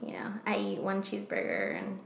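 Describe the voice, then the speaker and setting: A woman's voice: medium pitch, big pitch swings, fairly quick, gravelly. Chatty woman in an echoey room. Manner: chatty, profane, trails off with fillers. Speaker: podcast co-host. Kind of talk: casual chat.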